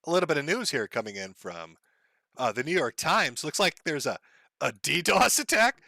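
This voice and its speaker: A man's voice: on the high side, very animated, normal speed, creaky, bright, forceful tone, dry recording. A man hosting a live stream, commenting sardonically and laughing often. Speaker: livestream host.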